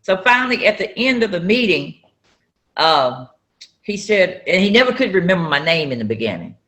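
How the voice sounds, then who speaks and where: A woman from North Carolina, telling a personal story in an interview and acting out the dialogue with loud outbursts. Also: lowish voice, sing-song, moderate pace. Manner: acts out dialogue with sudden loud raised outbursts. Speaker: interview guest, entrepreneur.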